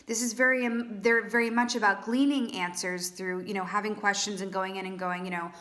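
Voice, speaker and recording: A woman's voice: mid-range voice, steady tone, brisk, few pauses, fairly bright tone. A woman giving a casual, playful tarot reading, chatty and full of "right?" asides. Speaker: tarot reader.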